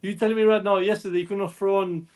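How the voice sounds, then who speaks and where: A man's voice: high-pitched, steady tone, fast, a little mellow. A man talking as a football fan panelist, earnest and frustrated, rambling through his points. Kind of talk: passionate football fan chat.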